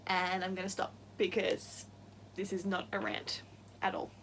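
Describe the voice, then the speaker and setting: A young woman chatting casually in a book-tag vlog, gushing and quick to get worked up, laughing often. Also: on the low side, completely flat delivery, a bit bright, slight background noise. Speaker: book vlogger.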